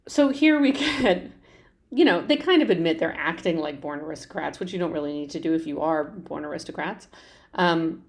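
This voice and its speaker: Woman explaining a musical, low-pitched. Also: lively intonation, moderate pace. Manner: thoughtful, explanatory, many fillers and restarts. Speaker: podcast host analyzing a musical. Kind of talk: conversational analysis.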